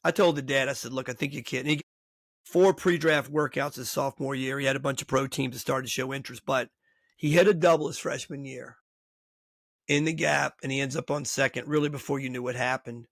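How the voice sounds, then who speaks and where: A middle-aged man, a baseball coach hosting a podcast, tells stories in casual interview chat, animatedly acting out the voices of the people he quotes. His voice is medium-pitched, brisk, and creaky, recorded in studio quality with no echo.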